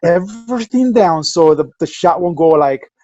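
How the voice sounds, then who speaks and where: A man's voice: high voice, normal speed, no echo, faint music behind. Storytelling man on dull remote audio. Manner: animated storyteller. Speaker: podcast co-host. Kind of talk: casual chat. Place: home, remote call.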